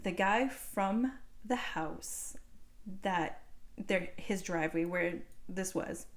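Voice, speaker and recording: A woman's voice: fairly low pitch, takes it slowly. A woman in her forties, a knitting podcast host, telling a casual story into a phone, rambling with fillers and restarts.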